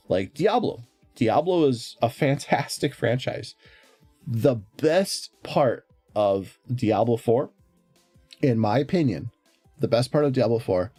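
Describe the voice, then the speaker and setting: A man with a low, mellow voice chats casually on stream, rambling with frequent fillers and restarts. His pitch swings up and down a lot. The sound is dry, with faint music behind him. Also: no room sound. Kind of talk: casual chat.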